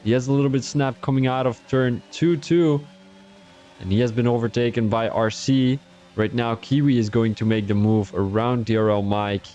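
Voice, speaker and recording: A man's voice: lowish voice, dark tone, dull audio. A young man from Belgium, giving chatty live-stream commentary on an online racing league and talking to his chat between calls.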